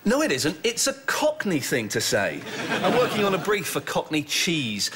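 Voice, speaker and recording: A sitcom ad copywriter, cheeky and crude, in a voice that sits high and swings up and down a lot. a clear noise runs under every line. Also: male voice, normal speed, a crowd in the background. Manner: cheeky, deadpan jokes. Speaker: advertising copywriter. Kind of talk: studio sitcom acting.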